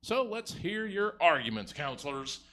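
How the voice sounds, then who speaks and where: A man hosting a comedy panel show, playful and theatrical, swinging between booming lines and muttered asides. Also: very animated, moderate pace, bright, forceful tone, a little hiss or hum.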